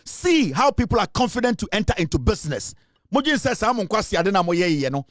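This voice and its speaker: A man's voice: high-pitched, very animated, fast talker, no echo, clean studio sound. A Ghanaian man hosting a political talk show, delivering a boastful, taunting monologue that mixes English and Twi.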